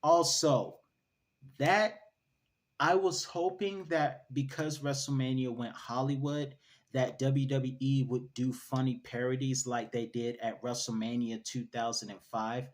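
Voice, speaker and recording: A man's voice: medium pitch, steady tone, a little slow. Wry, chatty male wrestling reviewer. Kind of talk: casual solo commentary.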